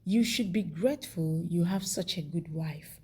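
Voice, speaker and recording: Woman reading protective motherly elder in a soap recap, slow, husky. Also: fairly low pitch, darkish tone. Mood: stern, caring. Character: protective older woman, mother's best friend.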